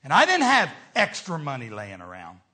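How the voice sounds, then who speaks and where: A middle-aged man, preaching a storytelling sermon as a traveling evangelist, swinging between shouts and hushed tones. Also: mid-range voice, wildly swooping pitch, normal speed.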